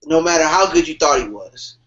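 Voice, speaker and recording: A young man co-hosting a podcast in casual chat, animated and slangy, laughing and swearing as he tells stories. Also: a little high, a little fast, a little hiss or hum. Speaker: podcast co-host. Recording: dull lo-fi podcast audio.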